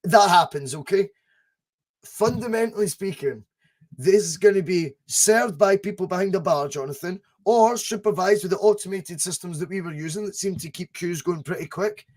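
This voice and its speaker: Scottish guy hosting a podcast, fairly high voice, chatty storyteller doing little voices. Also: moderate pace. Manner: animated storyteller, acts out voices in anecdotes. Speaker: podcast host. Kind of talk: casual podcast chat.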